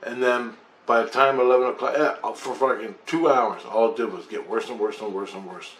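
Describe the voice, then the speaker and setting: A man's voice: medium pitch, brisk, a bit bright. A man telling a personal story casually, rambling and swearing, laughing at himself and sometimes dropping to a mutter. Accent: Windsor, Ontario. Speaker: storyteller recounting a personal experience. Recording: roomy echo, faint background hum.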